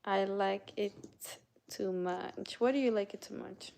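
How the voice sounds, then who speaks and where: This livestream host from Canada has a mid-range, darkish voice with vocal fry and a measured pace. In her casual stream she chats with viewers, welcoming them by name and reading their messages out loud.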